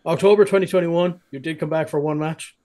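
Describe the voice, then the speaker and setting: A man's voice: a little high, fairly even intonation, fast talker, dark tone. A man hosting a podcast, asking loose, rambling interview questions full of fillers. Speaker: podcast host.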